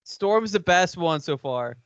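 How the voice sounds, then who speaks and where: High-pitched guy cracking jokes and swearing on a podcast, kinda dull lo-fi dry sound. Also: lively intonation, unhurried, smooth, dry recording. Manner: profane, jokey, laughs often. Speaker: podcast co-host. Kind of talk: casual chat.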